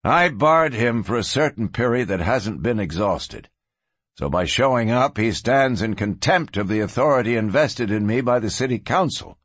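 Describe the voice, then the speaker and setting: A man plays a steady western sheriff who speaks in a level, firm way, short and clipped. His voice is a bit husky and dry, with some rise and fall. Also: medium pitch, a little slow, dry recording, heavily acted.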